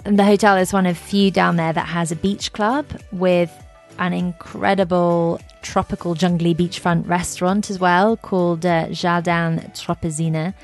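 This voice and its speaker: A woman's voice: on the low side, fairly even intonation, normal speed, soft background music. A woman hosting a travel podcast, chatting enthusiastically about her trips with gushing asides and fillers. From England. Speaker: podcast host.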